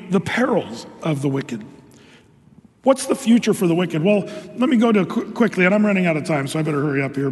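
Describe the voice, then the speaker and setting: An older man preaching a sermon as pastor, reading scripture and answering imagined objections in an animated way. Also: high voice, in a large hall.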